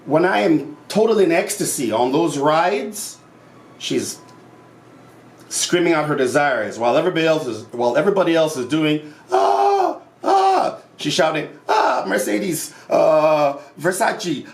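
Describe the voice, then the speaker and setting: A man vlogging about self-improvement in a casual monologue, passionate and animated, acting out quotes as he tells stories. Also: fairly high pitch, echoey room.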